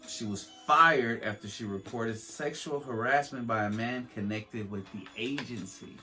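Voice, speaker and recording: A man's voice: medium pitch, measured pace, pushed and bright, faint music behind, poor audio. A man hosting a podcast, reading a history aloud with stumbles, restarts and joking asides. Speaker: podcast host. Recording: faint beat playing under the voice.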